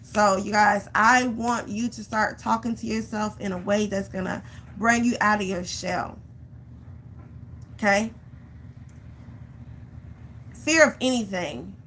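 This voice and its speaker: A woman vlogger talking straight to her viewers and urging them past their fears. She tells her stories with lively, acted-out panic and repeats phrases for emphasis. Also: mid-range voice, slow, long pauses, slight background noise. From Georgia, US. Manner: animated storytelling, acts out her own panic. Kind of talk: motivational vlog talk.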